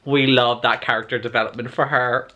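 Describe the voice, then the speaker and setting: A man's voice: medium pitch, steady tone, brisk, sharp tone, muffled recording. A young man in a casual book-reaction vlog, chatty and campy, reading lines aloud with sassy asides. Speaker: book vlogger.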